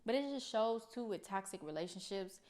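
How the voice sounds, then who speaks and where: A woman's voice: medium pitch, lively intonation, fairly quick, a little mellow. Earnest woman reacting to a clip. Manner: earnest, speaks plainly to viewers. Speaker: reaction video host. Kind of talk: casual commentary.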